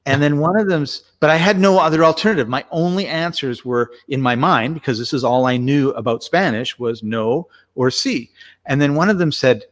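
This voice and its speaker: Rambling, animated man telling stories. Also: on the high side, normal speed. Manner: rambling, animated storytelling with restarts. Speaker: co-host. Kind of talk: casual conversational chat.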